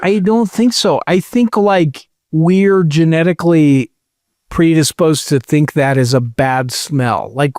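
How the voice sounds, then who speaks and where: Young male co-host, fact-reader, dry delivery, a touch high, close and dry recording. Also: takes it slowly, dry recording. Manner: reads facts aloud, deadpan asides. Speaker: podcast co-host. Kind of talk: casual comedic chat.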